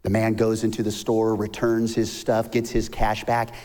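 A man, a pastor preaching a sermon in a lively, story-telling way. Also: moderate pace. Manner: animated, rises to high emphatic peaks, tells jokes and stories. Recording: long hall reverb.

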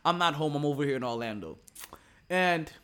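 This Jamaican podcast host sounds expressive and a little fast, his voice on the high side, bright, clear and resonant. He's chatting about sports at a relative's home, not a studio, rambling, repeating words and laughing often.

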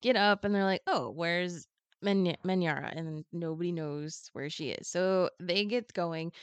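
A woman guest on a podcast, chatting casually and retelling a story in an animated, joking way. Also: fairly low pitch, clean tone, no echo.

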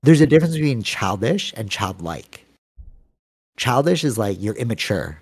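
A man's voice: mid-range voice, big pitch swings, moderate pace, husky. A man in his thirties hosting a casual podcast chat, talking with lots of energy and many "like"s and "you know"s. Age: 30s. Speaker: podcast host.

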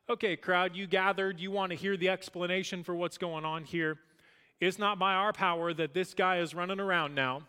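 A man preaching a sermon as pastor, emphatic, swinging between loud declarations and hushed lines. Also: high-pitched, moderate pace, clean tone. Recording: long hall reverb.

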